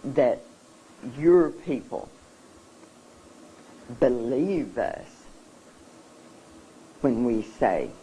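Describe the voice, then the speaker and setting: A woman giving an earnest, emotional talk at a seminar, speaking haltingly and repeating herself as she searches for words. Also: rumbling low, very animated, mellow, husky, poor audio.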